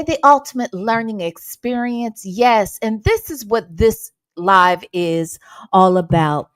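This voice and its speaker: A woman's voice: sits high, a bit bright, smooth, no echo. A woman hosting a casual livestream, sassy and playful, greeting her viewers by name. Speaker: livestream host.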